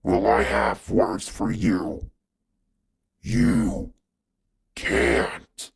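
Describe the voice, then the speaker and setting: Brief: man doing a gravelly cutscene villain, raspy, very slow and low, half-whispered taunts. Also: animated, exaggerated voice. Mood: menacing. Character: menacing male villain taunting the hero. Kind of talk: fan animation cutscene voice acting.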